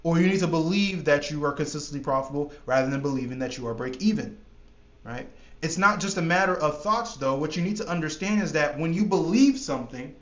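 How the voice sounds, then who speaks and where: Man, high voice, emphatic motivational coach, casual swearing, echoey dull-sounding room. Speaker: trading coach. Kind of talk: motivational monologue.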